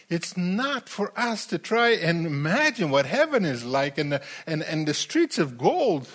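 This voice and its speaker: A man preaching a sermon in a slow, emphatic way, repeating phrases as he builds his point. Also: fairly high pitch, sing-song, fairly bright tone.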